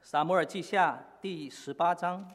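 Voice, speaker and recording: Man preaching in a reverberant hall. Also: high-pitched. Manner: halting, many filler pauses. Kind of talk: sermon in Chinese with live interpretation.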